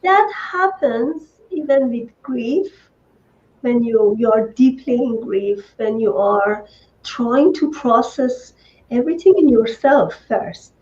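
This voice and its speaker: A woman host, speaking in a measured, reflective way with frequent fillers. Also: on the high side, expressive, a little mellow, highs cut off. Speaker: host, coach. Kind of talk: interview talk.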